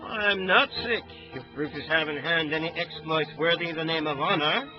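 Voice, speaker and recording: A man's voice: a little high, moderate pace, close to an everyday voice. A man playing a sick Roman man roused to fervor in a Shakespeare audio drama, speaking ardent verse. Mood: fervent. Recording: dull lo-fi audio with faint music.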